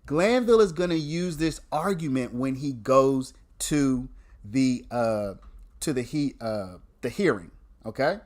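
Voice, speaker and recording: A man's voice: mid-range voice, animated, a little slow, a little mellow. A man, hosting a casual livestream where he explains a legal argument to viewers, repeating points and restarting sentences.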